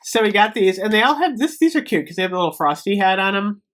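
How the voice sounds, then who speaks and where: A woman's voice: mid-range voice, expressive, quick pace, a little hiss or hum. A woman in her fifties, a beauty vlogger chatting casually and gushing through a product unboxing at home. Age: 50s. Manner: chatty and gushing, many ums.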